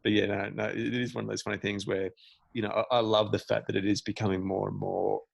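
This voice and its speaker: Male meditation teacher, podcast guest; low, gravelly, animated and emphatic. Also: quick pace, no echo. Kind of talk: casual podcast conversation.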